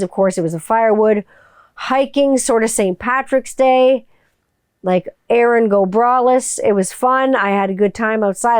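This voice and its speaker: A woman's voice: mid-range voice, darkish tone, clear, resonant tone, dry recording, studio quality. A woman hosting her own podcast in a casual, jokey and profane way. She works as a voiceover artist and talks about her kids. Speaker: podcast host. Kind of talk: casual solo podcast chat.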